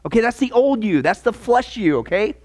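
Emphatic male Bible teacher, very high pitch, lively. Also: a little fast. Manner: emphatic, keeps checking with "okay?". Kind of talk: teaching a discipleship class.

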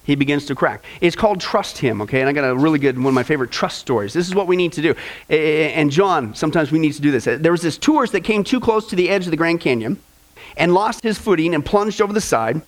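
In his sermon, a pastor with a slightly high voice moves at a quick pace, animatedly telling stories and voicing the people in them.

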